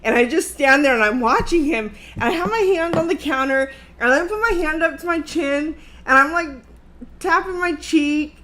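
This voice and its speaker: A woman in her thirties hosting a livestream, telling a story in a casual, animated, profane way and laughing along the way. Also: sits high, normal speed, a little hiss or hum. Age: 30s. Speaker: livestream host.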